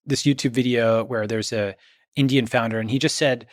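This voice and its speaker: Male guest, emphatic explainer, tags his points with "right?", mid-pitched voice. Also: fairly even intonation, moderate pace, no echo, studio quality. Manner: emphatic, checks in with "okay?" and "right?". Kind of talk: conversational interview.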